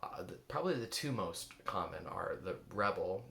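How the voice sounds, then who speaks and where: A man's voice: deep voice, lively intonation, a little slow, vocal fry, bright, forceful tone, roomy sound. A man giving a reflective coaching talk, searching for words and asking many rhetorical questions. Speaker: eating coach.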